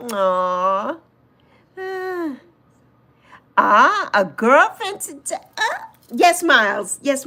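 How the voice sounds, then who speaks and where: Woman in her sixties, livestream host, relaxed and chatty, a bit higher voice, talks straight to viewers. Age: 60s. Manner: chatty, reads out and answers viewer comments; fond, reminiscing. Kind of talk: casual livestream chat.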